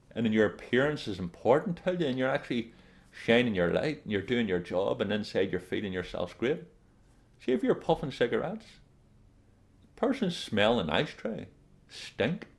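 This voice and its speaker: Blunt, emphatic man giving advice. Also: mid-range voice. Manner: addresses viewers as "guys". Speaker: self-help video presenter. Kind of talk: direct-to-camera motivational advice.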